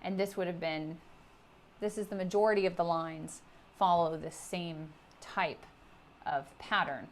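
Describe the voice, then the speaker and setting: A middle-aged woman giving a recorded literature lecture, explaining terms with steady emphasis on key words. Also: fairly low pitch, measured pace, a little hiss or hum.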